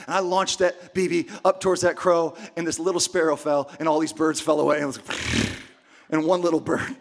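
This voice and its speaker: A man preaching a sermon at a church service. He talks in a loose, conversational way and often breaks into shouting. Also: fairly high pitch, brisk, gravelly. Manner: impassioned, conversational, bursts into shouting. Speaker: pastor.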